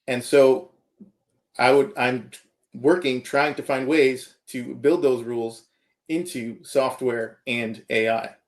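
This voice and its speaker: A man's voice: medium pitch, fairly even intonation, takes it slowly. A man, a computer science professor, giving earnest interview answers and checking in with the listener as he explains.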